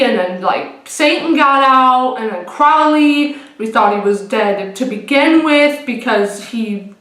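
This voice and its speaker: A woman's voice: a little high, fairly bright tone. Rambling young woman vlogger, echoey room. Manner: rambling, swearing, restarts often. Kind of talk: casual TV recap. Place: room at home.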